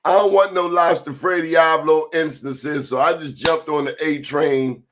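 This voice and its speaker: A man hosting a casual talk show, telling a story with animated quoted voices. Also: a little high, moderate pace, noisy background. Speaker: host. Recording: dull lo-fi sound.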